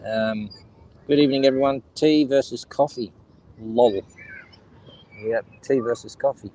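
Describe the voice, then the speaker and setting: A man's voice: medium pitch, measured pace, dark tone, slight background noise, poor audio. A middle-aged Australian man rambling and joking with his live stream chat, outdoors by the seaside. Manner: rambling, jokey, talks to chat viewers. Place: outdoors by the seaside, kids and seagulls around.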